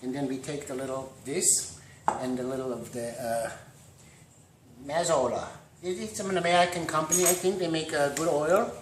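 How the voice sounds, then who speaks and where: A man hosting a mock home cooking demonstration, rambling through deadpan puns and dad jokes. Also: on the high side, normal speed, slight background noise. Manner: deadpan punning, dad jokes, trailing asides. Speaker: host of a joke home cooking show. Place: home kitchen. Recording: echoey kitchen with clattering pots and cutlery.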